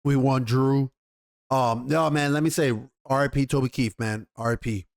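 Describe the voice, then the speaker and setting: A man's voice: mid-range voice, fairly even intonation, moderate pace, creaky. A man hosting a commentary video, ranting heatedly with lots of swearing and rambling restarts. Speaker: YouTube commentary host.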